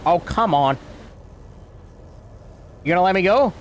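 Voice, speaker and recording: A man streaming a game live, trash-talking and reacting out loud in a goofy way. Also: high-pitched, lively intonation, unhurried, slight background noise. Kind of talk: live gameplay commentary.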